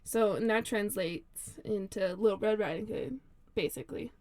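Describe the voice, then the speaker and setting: A woman's voice: medium pitch, normal speed, darkish tone, no echo. A young woman co-hosting a podcast, telling a fairy tale in a chatty, giggly way with lots of ums. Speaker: podcast co-host. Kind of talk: casual storytelling chat.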